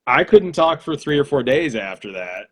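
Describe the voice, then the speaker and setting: A man in his thirties, a guest on a casual livestream chat, talking in a relaxed, rambling way with fillers. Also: mid-range voice, normal speed. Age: 30s.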